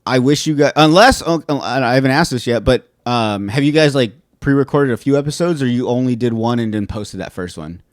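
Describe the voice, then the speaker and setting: A man hosting a podcast, chatting casually and going off on animated, profane rants. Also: mid-range voice, brisk, hardly any pauses, no echo, studio quality. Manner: animated, ranting, swears freely. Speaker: podcast host. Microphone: studio podcast mic.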